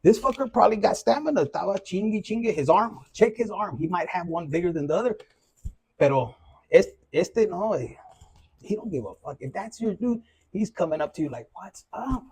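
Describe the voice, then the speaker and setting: A man's voice: sits high, expressive, brisk, a little mellow, slight background noise. A man giving a loose, profane, casual collective tarot reading. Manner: loose and profane, with Spanish slang mixed in. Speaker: tarot reader.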